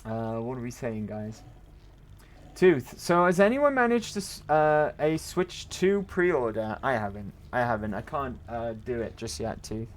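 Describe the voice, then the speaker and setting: A man's voice: mid-range voice, expressive, a little slow. A man chatting and joking loosely while streaming a video game, rambling and swearing now and then. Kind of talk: casual gameplay commentary.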